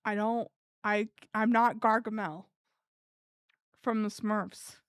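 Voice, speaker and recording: A woman live streamer chatting casually with her viewers in an animated, giggly way. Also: mid-range voice, slow, clear, resonant tone, dry recording, studio quality.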